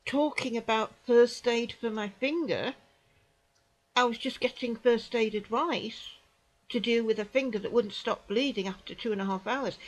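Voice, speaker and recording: An older British woman speaks to camera in her sixties, her voice sitting somewhat high. She tells her story emphatically, repeating herself for stress and sometimes dropping to a quieter aside. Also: poor audio. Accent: British English. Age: 60s. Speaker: vlogger recounting an experience. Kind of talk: indignant personal account to camera.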